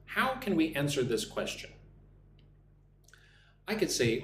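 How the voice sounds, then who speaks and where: A man from the United States teaching an English lesson on a live stream, speaking slowly and clearly for learners. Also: mid-range voice, big pitch swings, echoey room, slight background noise. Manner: slow, clear drill phrasing for learners.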